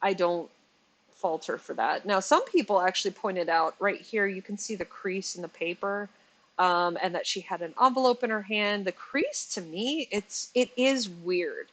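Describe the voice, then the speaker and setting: A woman in her forties talks straight to her viewers in a loose, chatty commentary, with an edge of exasperation. She laughs easily, restarts her words and corrects herself as she goes. Her pitch sits in a middle range for a woman. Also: lively intonation, normal speed, fairly bright tone, low-quality recording. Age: 40s. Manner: chatty and exasperated, stumbling over pronunciations; laughs often, self-correcting. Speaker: commentary channel host. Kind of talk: casual commentary vlog.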